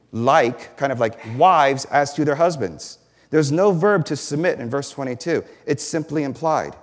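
A man giving an earnest sermon as a pastor, explaining a passage point by point and pressing hard on the words that matter. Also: a little high. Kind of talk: sermon teaching. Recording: long hall reverb.

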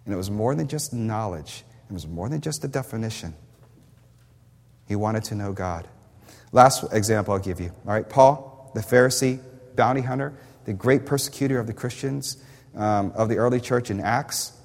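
A man's voice: lowish voice, normal speed, vocal fry, a little mellow. A man preaching a sermon as a pastor, impassioned and emphatic, repeating words as he builds his points. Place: church sanctuary. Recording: echoey hall reverb.

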